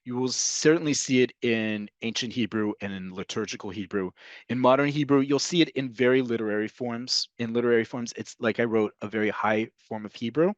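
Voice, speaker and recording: A man's voice: mid-range voice, brisk, no echo, highs cut off. Man, language teacher, patient explainer, repeats examples, dry close sound. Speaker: Hebrew teacher. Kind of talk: online language lesson.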